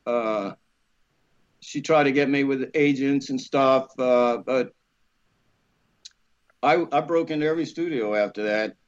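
A man, an actor guest, telling a lively anecdote, acting out voices and laughing often. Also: medium pitch, measured pace, pauses often, dull audio. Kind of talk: animated storytelling.

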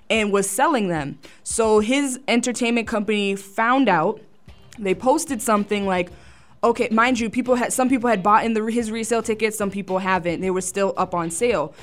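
A young woman co-hosting a podcast, telling a story in animated casual chat and acting out what people said. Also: medium pitch. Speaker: podcast co-host.

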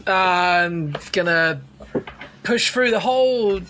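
A woman's voice: lowish voice, slow pace, a bit bright, slight background noise, low-quality recording. A woman playing a tabletop game, playful and full of jokey exclamations. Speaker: player.

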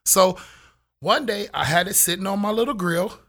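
A man who is a guest on an interview, telling a lively story and acting out other people's voices. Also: high-pitched, normal speed. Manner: lively, acts out voices, laughs often. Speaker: guest, food vendor. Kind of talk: animated storytelling.

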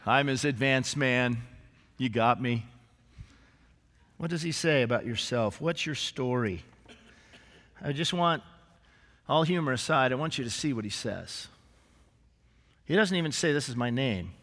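A male senior pastor preaching a sermon in a church, animated and lively, with humorous asides and acted-out quotes. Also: mid-range voice, moderate pace, pauses often. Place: church sanctuary. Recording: live church recording with long hall reverb.

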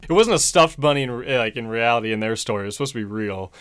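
Male host, easygoing and foul-mouthed, plot-recap delivery at an ordinary pitch. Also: expressive, very fast, fairly bright tone, smooth. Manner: profane, laid-back retelling with chuckles. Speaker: podcast host. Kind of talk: casual movie recap.

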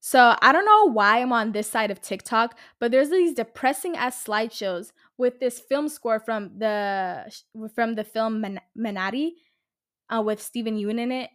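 A woman's voice: on the high side, lively intonation, measured pace, fairly bright tone. A woman in her twenties from the Los Angeles area, hosting a casual solo podcast, rambling and chatty, swearing freely and saying "like" and "literally" a lot. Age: 20s. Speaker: podcast host.

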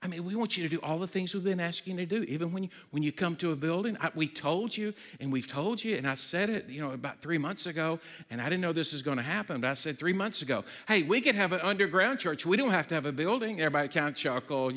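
Preaching briskly in a large hall, a man serving as pastor keeps his sermon conversational and energetic. Humorous asides and stammered restarts come often, and he sometimes turns low and quiet to stress serious points.

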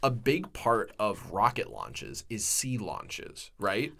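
A man's voice: on the low side, wildly swooping pitch, takes it slowly, vocal fry, crowd noise. A man co-hosting a casual history podcast, explaining with lots of "like" and "um" and reading quotes aloud. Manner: reads quotes aloud, explains with many fillers. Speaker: podcast co-host.

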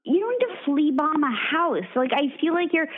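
A woman's voice: high voice, expressive, moderate pace, a little hiss or hum. A woman co-hosting a casual chat, giving her opinions freely with lots of "like". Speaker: podcast co-host. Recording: phone-like narrow sound.

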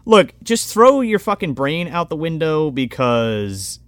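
A man co-hosting a casual podcast, retelling a bad movie with lots of profanity and animated storytelling. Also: a little high, a little slow, no room sound. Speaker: podcast co-host. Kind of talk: casual movie-riffing chat.

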